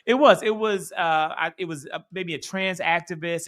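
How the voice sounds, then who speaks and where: A man co-hosting a casual political podcast, talking in animated, profane rants with sudden loud outbursts. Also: a little high, moderate pace. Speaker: podcast co-host. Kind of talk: heated casual political chat.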